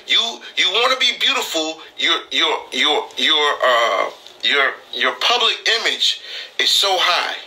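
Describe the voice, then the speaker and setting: A man's voice: fairly high pitch, sing-song, takes it slowly, bright, forceful tone, a little hiss or hum, poor audio. Heated, emphatic man on a live stream. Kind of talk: impassioned live-stream talk.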